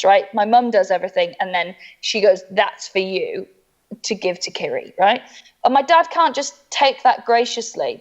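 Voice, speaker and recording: A woman comedian telling a funny personal story, animated and laughing through it, acting out the voices of the people in it. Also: mid-range voice, highs cut off. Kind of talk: comic storytelling.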